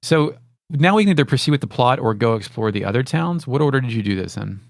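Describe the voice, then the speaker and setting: A man co-hosting a casual podcast about a video game, joking wryly and tossing in quick asides. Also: medium pitch, animated, gravelly, dry recording, studio quality. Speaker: podcast co-host.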